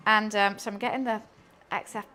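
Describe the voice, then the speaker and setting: A young British woman streaming from her kitchen while she cooks, telling rambling, excitable stories and laughing often. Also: medium pitch, fairly quick. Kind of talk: casual chat while cooking on a livestream.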